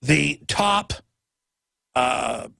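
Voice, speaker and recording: A man's voice: a little high, expressive, drawn-out words, creaky, bright, forceful tone, dry recording. A man hosting a call-in talk radio show, ranting in an emphatic, rambling way.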